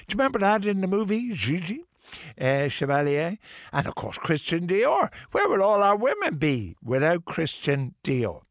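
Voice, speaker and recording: An older man hosts a radio show in a studio, speaking into a studio microphone with a mid-range, gravelly, slightly bright voice and no echo. His casual chat is rambling and playful, punctuated by theatrical outbursts.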